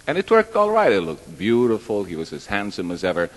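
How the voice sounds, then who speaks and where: Performing live stand-up before an audience in a large hall, a man speaks briskly in a low voice whose pitch swoops wildly. His chatty, rambling jokes are self-deprecating, and long reverb fills the recording.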